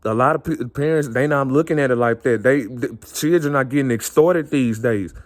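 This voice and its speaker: A man's voice: medium pitch, moderate pace. A man speaking in an earnest, impassioned monologue, circling back and repeating his phrases. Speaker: vlogger.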